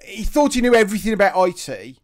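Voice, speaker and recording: A man's voice: sits high, quick pace. A man telling a funny story in casual chat, acting out quotes and laughing as he goes. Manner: animated, laughing anecdote-teller who acts out quotes. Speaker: podcast co-host.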